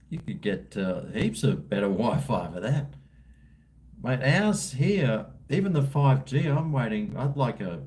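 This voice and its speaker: A man's voice: mid-range voice, a little mellow. A middle-aged Australian man chatting casually on a livestream, rambling and slangy with a drawling voice. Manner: laid-back, rambling, slangy. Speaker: livestream host. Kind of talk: casual livestream chat reading comments.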